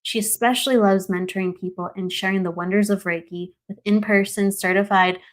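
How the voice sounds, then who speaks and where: A woman's voice: medium pitch, steady tone, brisk. A woman hosting a spiritual live stream, greeting viewers by name in a bubbly way and laughing often. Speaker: host.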